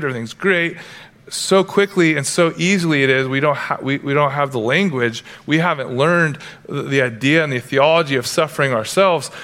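A man's voice: fairly high pitch, a bit bright. A male pastor preaching a sermon, earnest and emphatic, breaking into playful asides now and then.

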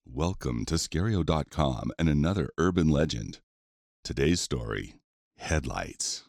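A very deep man's voice reading a podcast introduction. His delivery is measured and scripted, and the sound is dry and close. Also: expressive, creaky, a little mellow, no echo. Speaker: podcast announcer.

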